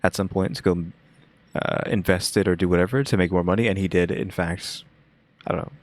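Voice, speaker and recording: A man's voice: deep voice, steady tone, brisk. A young man hosting a reaction video, talking casually and musing aloud with lots of fillers. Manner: rambling, musing, many fillers.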